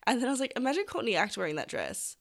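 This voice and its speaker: A man's voice: very high voice, wildly swooping pitch, very fast, gravelly, fairly bright tone. Giggly man chatting. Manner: giggly, gushing and playful. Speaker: podcast co-host. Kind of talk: casual chat.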